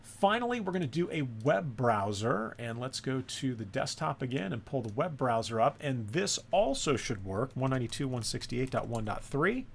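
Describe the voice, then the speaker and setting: A man's voice: medium pitch, sing-song, moderate pace, vocal fry, hardly any pauses, slight background noise. A man teaching a screen-recorded networking lesson, thinking aloud and often checking in with "right?". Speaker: course instructor.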